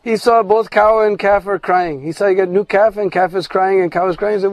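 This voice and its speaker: A man telling a devotional story slowly, checking in with his listeners with "hmm?" between phrases. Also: high voice, steady tone, no room sound, poor audio.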